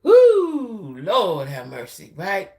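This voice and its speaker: This YouTube channel host, a deep-voiced middle-aged woman, speaks extremely slowly and mellowly, her pitch swooping wildly. In a loose, casual live-stream chat, she chats away, repeats herself, and addresses viewers as y'all.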